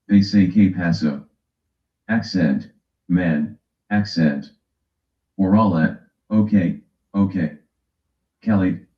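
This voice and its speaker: A man from the West Coast of the US hosting a casual livestream, teasing his chat and reading a timer aloud. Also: low voice. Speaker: livestream host. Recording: echoey room, dull lo-fi sound.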